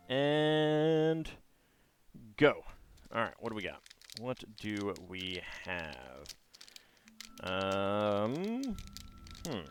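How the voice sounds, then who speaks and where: A man's voice: medium pitch, a bit bright. A man streaming live, thinking aloud in hesitant, rambling commentary.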